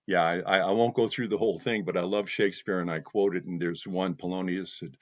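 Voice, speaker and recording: A man's voice: low-pitched, steady tone, fairly quick, dry recording. A man hosting a heartfelt spiritual talk for his viewers, speaking emotionally and with passion, and repeating phrases for emphasis. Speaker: spiritual channel host. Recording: dull dry lo-fi sound.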